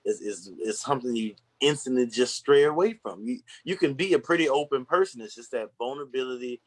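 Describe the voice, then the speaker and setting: A man's voice: medium pitch, a little fast. Candid young man speaking plainly. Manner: candid, storytelling, acts out voices in anecdotes. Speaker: podcast guest. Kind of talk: casual conversation.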